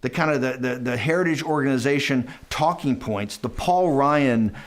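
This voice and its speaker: The recording carries a little hiss or hum as a man with a mid-range voice, at a moderate pace, tells stories in a conversational interview. He's emphatic and rambling, animatedly mimicking others in quoted asides and often adding "right?" and "okay?" to his points.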